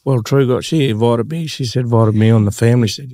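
An Australian man hosting a casual interview, telling animated stories and laughing often. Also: medium pitch, fast, few pauses, dry recording. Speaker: host.

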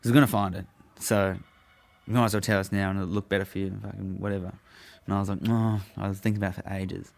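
A young man in casual conversation, laid-back and profane. His voice sits low with a gravelly, creaky edge. He rambles through his story in easy, relaxed chat. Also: fast. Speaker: guest telling a story.

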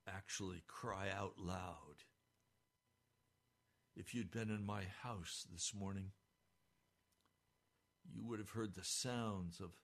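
Impassioned older pastor, slow delivery. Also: male voice, fairly low pitch. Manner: impassioned, swings between hushed and crying out. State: almost hoarse. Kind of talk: sermon.

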